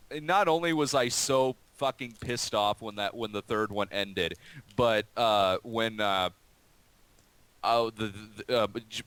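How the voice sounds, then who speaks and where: A man's voice: medium pitch, a bit bright, smooth, no echo, low-quality recording. A man hosting a casual stream chat, talking in a profane, rambling way with many restarts.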